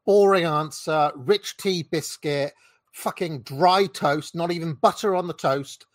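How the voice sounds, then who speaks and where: Man, mocking and combative, slightly high voice, dry close sound. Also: a little slow, dry recording. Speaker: political commentator reacting to a clip. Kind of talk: ranting reaction commentary.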